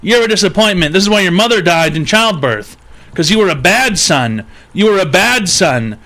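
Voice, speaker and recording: A man's voice: high-pitched, expressive, normal speed, pushed and bright, heavily acted. A man voicing an angry father who keeps berating his son in a repetitive, accusing rant. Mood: bitter.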